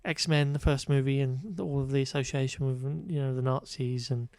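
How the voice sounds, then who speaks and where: A man's voice: medium pitch, steady tone, normal speed, darkish tone, no echo. Wry man recapping a film, dry sound. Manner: wry, exasperated recapping with frequent fillers. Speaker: podcast co-host. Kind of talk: casual chat reviewing a film.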